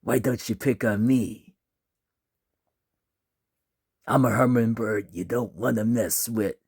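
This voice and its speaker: A man voicing a monstrous, vengeful demon hummingbird that taunts slowly and with menace in a spoken scary story. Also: fairly low pitch, fairly even intonation, gravelly, a little mellow, husky. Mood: menacing.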